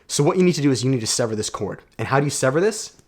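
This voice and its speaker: A man's voice: medium pitch, expressive, rapid-fire, husky. A young man delivers a self-help monologue with an emphatic, coaching drive. He talks casually, swears now and then, and keeps checking in with "right?". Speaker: self-development YouTuber. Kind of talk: motivational monologue.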